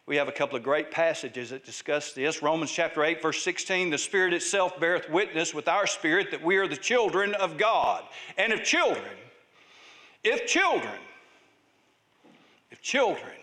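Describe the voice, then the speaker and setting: A man's voice: on the high side, moderate pace, few pauses, sharp tone. A man preaching a sermon as pastor, reading scripture aloud and stressing points with repeated phrases.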